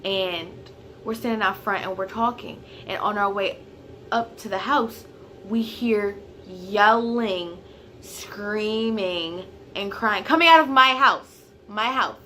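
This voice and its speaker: A woman telling a personal story in a casual vlog, chatty and full of fillers, turning loud and heated at the tense parts. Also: medium pitch, slow, a little hiss or hum. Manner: grows loud and heated when retelling the fight. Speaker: vlogger.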